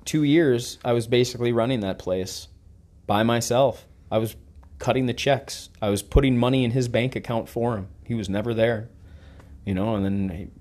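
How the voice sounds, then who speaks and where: A middle-aged man hosting a podcast, telling a story casually with lots of swearing and acting out the dialogue. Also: mid-range voice. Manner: profane, animated storyteller who acts out quoted dialogue. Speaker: podcast host.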